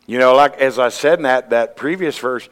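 A man preaching a sermon, earnest, climbing to emphatic peaks and then dropping low. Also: moderate pace. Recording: long hall reverb.

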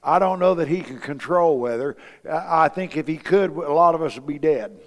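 A male pastor with a fairly high voice preaches a sermon in a folksy storytelling way, asking his listeners question after question. His words ring out with a long reverb, as in a church sanctuary. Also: moderate pace.

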